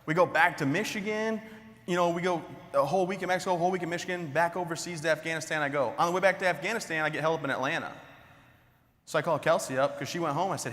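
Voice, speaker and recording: A man's voice: a little high, racing, fairly bright tone. A young man giving a comedic keynote speech, telling stories and laughing at his own jokes. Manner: joking, self-mocking, laughs at his own lines. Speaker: keynote speaker. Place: large hall on stage. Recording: hall reverb on stage.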